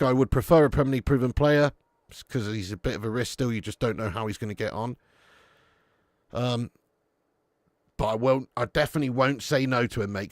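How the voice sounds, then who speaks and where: An excitable man doing live fan commentary on a football match, swearing freely and chatting to viewers between plays. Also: medium pitch, no echo, studio quality. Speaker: fan watch-along commentator.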